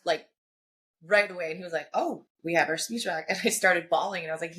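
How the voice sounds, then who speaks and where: Woman, podcast guest, frank personal storytelling, lowish voice, animated quoting. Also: fast. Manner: frank, acts out quoted voices, frequent "like" and "you know".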